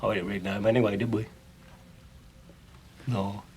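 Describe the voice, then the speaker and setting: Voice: low-pitched, flat delivery, fairly quick, darkish tone, a little hiss or hum. A tabletop game player with a New Zealand accent chatting in character, folksy and playful.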